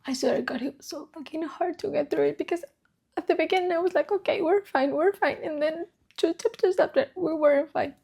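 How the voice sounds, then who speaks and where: A woman's voice: sits high, brisk, gravelly, warm tone. A woman chatting casually about books she read, emotional, swearing freely and repeating herself. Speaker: book vlogger. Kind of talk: casual chat.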